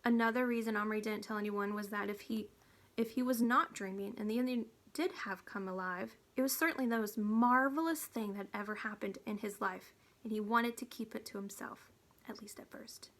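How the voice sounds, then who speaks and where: A woman reading a children's storybook aloud, steady and hushed at tense moments. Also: medium pitch, brisk. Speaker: reader.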